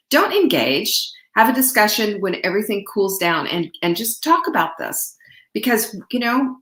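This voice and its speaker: A woman's voice: mid-range voice, animated, normal speed, echoey room. A middle-aged woman hosting a casual live stream, chatty and greeting viewers by name. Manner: chatty, warm-hearted, greets viewers by name, laughs often. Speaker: livestream host.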